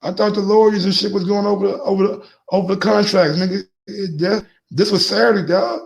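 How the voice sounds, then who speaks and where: Man, sports call-in host, slightly high voice, excitable, repeats words, laughing. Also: brisk, creaky. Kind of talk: casual sports call-in talk.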